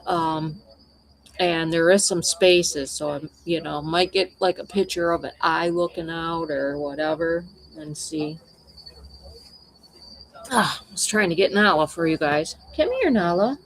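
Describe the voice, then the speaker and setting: A woman's voice: low voice, steady tone, unhurried, a little hiss or hum. A woman wildlife photographer chatting casually with livestream viewers, telling meandering, conversational stories.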